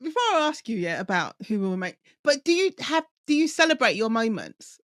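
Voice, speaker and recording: A woman's voice: a little high, big pitch swings, a little fast, fairly bright tone, no room sound, studio quality. A woman hosting a conversational interview, asking reflective, probing questions. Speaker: podcast host.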